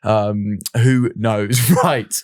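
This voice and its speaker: एक युवा ब्रिटिश आदमी, पॉडकास्ट होस्ट, बातूनी और खुद पर हँसने वाला, सूखी नज़दीकी आवाज़।. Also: male voice, lowish voice, darkish tone, no echo, studio quality. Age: young adult. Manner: chatty, self-mocking, quick asides. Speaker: podcast host. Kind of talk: casual chat.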